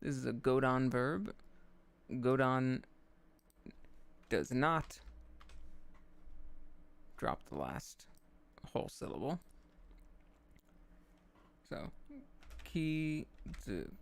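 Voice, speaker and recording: A man streaming his language study, slowly repeating verb forms and muttering to himself at a desk mic. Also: medium pitch, animated, creaky, slight background noise. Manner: slow, repetitive drilling of words, muttering to himself. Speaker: VTuber streamer studying Japanese.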